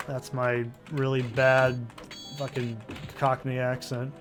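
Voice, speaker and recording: Excitable man narrating a game. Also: mid-range voice, normal speed, soft background music. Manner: excitable, swears freely. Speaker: let's play host. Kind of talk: casual gameplay commentary.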